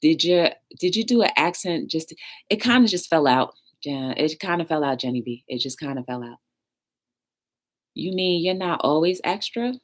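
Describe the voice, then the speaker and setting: A woman with a low speaking voice that swings widely in pitch, hosting a casual live-stream talk show. She tells stories in an animated, slangy way and breaks off to greet people in the chat. Now and then she drifts away from the mic. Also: normal speed. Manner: animated storytelling, reads chat aloud, slangy.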